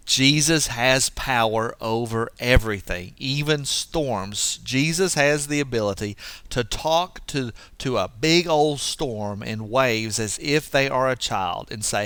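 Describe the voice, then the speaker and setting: A man giving a devotional Bible teaching in an earnest, lively way, acting out the quoted lines. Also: takes it slowly, smooth, dry recording. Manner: earnest, lively, acts out quotes with rising pitch. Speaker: preacher.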